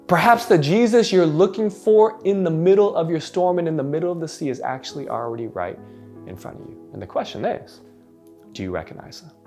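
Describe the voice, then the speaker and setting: A pastor preaching a sermon, rising to emphatic peaks and dropping soft, with many repeated, stammered starts. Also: male voice, on the high side, creaky. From United States.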